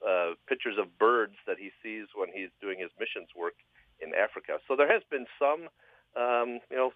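Lively man telling a joke over the phone. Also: lowish voice, no echo. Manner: halting, lots of fillers, lively. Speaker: phone-in guest, joke teller. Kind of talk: casual storytelling. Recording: tinny phone line.

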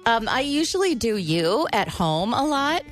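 A woman's voice: on the high side, big pitch swings, a little slow, faint music behind. A woman co-hosting a morning radio show, cheerful and laughing often.

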